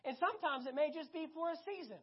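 A preacher delivering a sermon, emphatic and animated, repeating key phrases and swinging between loud and hushed. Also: sits high, fast talker. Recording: dull lo-fi recording.

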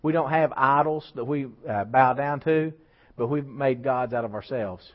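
A man preaches a sermon, his voice rising for emphasis and dropping for asides to the congregation. His pitch sits in the middle range. The recording sounds a little dull and lo-fi. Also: moderate pace. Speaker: pastor. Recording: slightly dull lo-fi church recording.

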